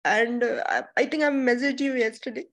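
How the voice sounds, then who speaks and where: A woman, tearful and halting, speaking emotionally on a video call. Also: a little high, fairly even intonation, rough recording. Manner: emotional, halting, repeats words. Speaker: student.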